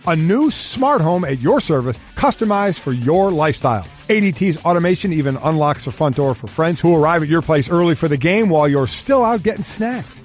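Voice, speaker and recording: A man announcing a scripted commercial in a smooth, upbeat, polished way. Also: a little high. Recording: commercial voice-over with faint music.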